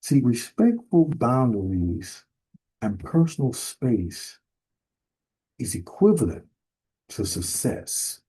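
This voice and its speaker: A man ministering in a sermon, emphatic and building to sudden forceful bursts. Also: mid-range voice, sing-song, slow, pauses often, slightly rough, poor audio. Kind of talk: preaching sermon.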